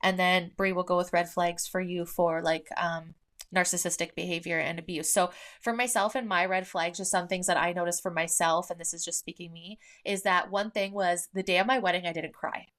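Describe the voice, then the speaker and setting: A woman's voice: lowish voice, fairly even intonation, brisk, fairly bright tone. A woman in her thirties hosting a podcast in casual chat. She talks candidly and swears freely, with many fillers. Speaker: podcast host.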